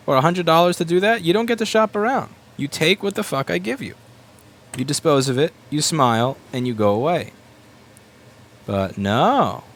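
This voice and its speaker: Working at his bench, a repair shop owner with a slightly bright, higher-pitched male voice goes on a profane rant. He's blunt and sweary, with fast, mocking little asides.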